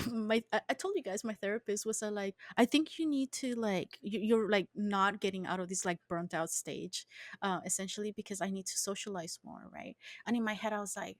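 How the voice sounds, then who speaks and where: A woman's voice: mid-range voice, a little fast, no echo. A young woman co-hosting a casual podcast chat, giggling often and full of "like" fillers. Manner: giggly, animated, many "like" fillers. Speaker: podcast co-host.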